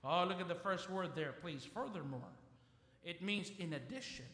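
A man's voice: sits high, animated, moderate pace, a bit bright. A man preaching a fervent sermon in church, leading the congregation in call-and-response. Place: church sanctuary. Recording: church hall reverb.

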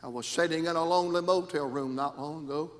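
A man preaching a sermon in a rhythmic style that swings from shouts down to near whispers. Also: fairly high pitch, quick pace, big-room sound.

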